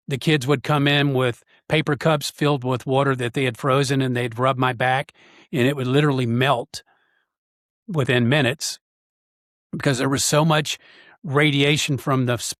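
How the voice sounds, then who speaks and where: A man, a podcast guest, telling a personal story in an earnest, halting way with frequent pauses. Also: medium pitch, a bit bright, no echo, clean studio sound.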